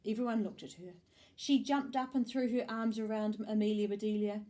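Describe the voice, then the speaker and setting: A woman with a New Zealand accent reading a children's storybook aloud, with an expressive delivery and small slips and restarts. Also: medium pitch, normal speed.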